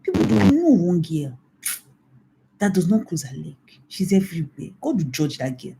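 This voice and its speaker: A woman's voice: low-pitched, very animated, normal speed, noisy background. A middle-aged Nigerian woman pastor giving a mentoring talk, emphatic and scolding, repeating her warnings. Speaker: pastor and infidelity recovery coach.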